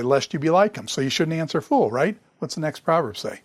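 A man giving a classroom Bible lecture, animated, chuckling and throwing in sarcastic asides. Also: fairly high pitch, fairly quick, husky, no room sound.

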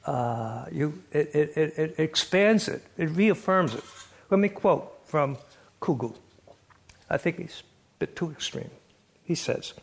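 Older male lecturer, gravelly, slightly high voice, wry and chatty. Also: lively intonation, measured pace. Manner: wry, chuckling storyteller, reads quotes aloud. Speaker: lecturer on biblical poetry. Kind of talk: classroom lecture.

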